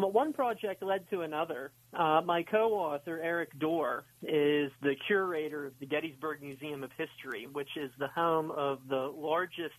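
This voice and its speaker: A man's voice: a little high, low-quality recording. Thoughtful man, guest on a radio interview. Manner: polite, thoughtful, with fillers. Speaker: author and history instructor.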